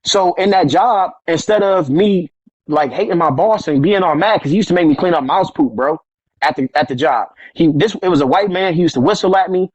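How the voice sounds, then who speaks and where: Casual man spinning stories, acts out the quotes, slangy, kinda high-pitched. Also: brisk, no room sound, dull audio. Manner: animated, acts out quoted voices, street slang. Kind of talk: casual storytelling conversation.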